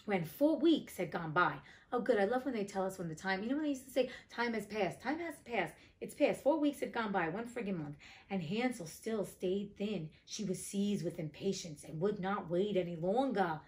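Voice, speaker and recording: A woman hosts a reading of a classic fairy tale and keeps stopping to joke about the story. Her voice sits at a middling pitch, and her delivery moves between careful reading and casual chat. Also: expressive, normal speed. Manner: joking, chatty commentary between read passages. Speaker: audiobook reader.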